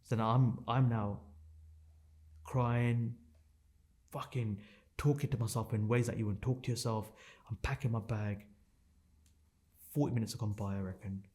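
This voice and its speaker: A man's voice: on the low side, steady tone, a little slow, pauses often, a little mellow. Intense man telling a raw story. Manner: raw, intense, swears often, repeats phrases for emphasis. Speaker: podcast guest. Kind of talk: emotional personal storytelling.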